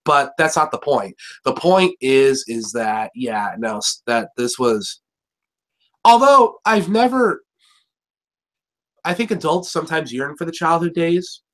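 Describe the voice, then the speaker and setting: A man's voice: medium pitch, lively intonation, unhurried, few pauses, a bit bright. A young man hosting a casual review chat, rambling and joking with plenty of swearing and fillers. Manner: rambling, jokey and profane, full of fillers. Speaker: show host reviewing an episode.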